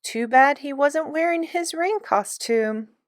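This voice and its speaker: A woman reading a storybook aloud and voicing a sensible, good-humored nursemaid with a brisk, matter-of-fact manner. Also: a little high, lively intonation, fairly bright tone, smooth, dry recording, clean studio sound, pitched above the performer's own voice. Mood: teasing.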